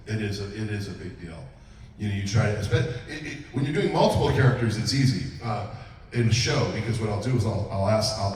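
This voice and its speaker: A man who voices characters, answering a fan's question at a convention panel in an animated way, with lots of restarts. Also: on the low side, slight background noise. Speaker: voice actor guest on a convention panel. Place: large convention hall. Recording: roomy hall from far off.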